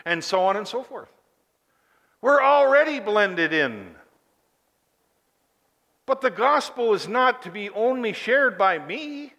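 A male preacher in the middle of a sermon, his voice pitched high and ringing bright. He presses his points with rhetorical questions, swinging from loud emphasis down to a near hush. The church around him carries a long, echoing reverb.

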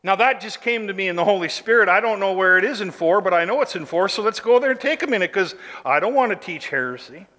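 High bright-voiced man preaching hard, big echoey hall. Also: animated, quick pace, hardly any pauses. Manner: emphatic, rises to shouted lists. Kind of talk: sermon. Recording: long hall reverb.

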